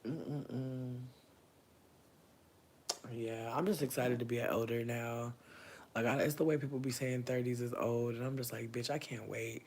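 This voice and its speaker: Brief: thirties man, livestream host, mid-pitched, casual and profane, volume jumps from hushed to loud. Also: unhurried, long pauses, slight background noise. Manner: expressive, swinging between loud bursts and low murmurs; profane, slangy, chatty.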